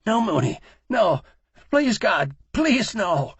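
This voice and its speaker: A man voicing a terrified male gambler who begs for his life in a high, pleading voice. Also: sing-song, slow, breathy edge, dry recording, full character voice.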